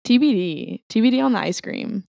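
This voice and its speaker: Giggly woman with a gravelly voice. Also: mid-range voice, brisk, no echo, lo-fi sound. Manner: giggly, playful, animated storytelling. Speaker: podcast co-host. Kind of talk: casual chat.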